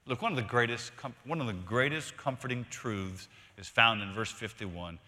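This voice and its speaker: Man, pastor, sermon, bright forceful voice, emphatic, loud then hushed, long hall reverb. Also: medium pitch, sing-song, normal speed. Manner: emphatic preaching, swings from loud to hushed, repeats words.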